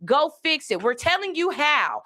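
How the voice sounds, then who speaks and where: High-voiced woman ranting bluntly. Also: big pitch swings, moderate pace, bright, forceful tone. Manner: blunt, profane, emphatic ranting. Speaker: podcast host. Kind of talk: casual podcast commentary.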